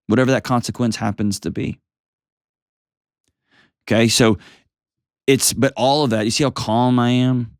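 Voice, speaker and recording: A man in his forties hosting a call-in advice show, calm, reassuring and emphatic as he coaches a caller. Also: mid-range voice, normal speed, pauses often, clean tone, no room sound, studio quality. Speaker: host.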